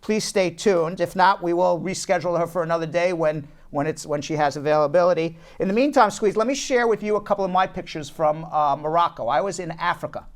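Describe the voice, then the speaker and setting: A man's voice: a little high, a little fast, hardly any pauses. A man hosting a casual talk show from a law office, telling stories animatedly and often repeating words as he restarts. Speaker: host, immigration attorney.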